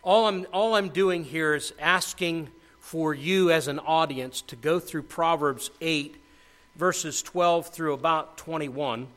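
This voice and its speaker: A middle-aged man preaching a sermon as pastor, often restarting his words and growing animated. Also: a little high, slow.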